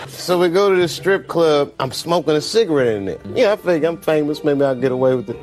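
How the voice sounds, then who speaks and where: A male stand-up comedian telling wry, profane stories. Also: a little high. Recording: loud music and crowd behind.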